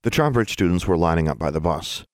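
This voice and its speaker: A man with a very low, deep voice narrates an audiobook in a steady, measured way. The recording is dry and close, with no room sound. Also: no room sound.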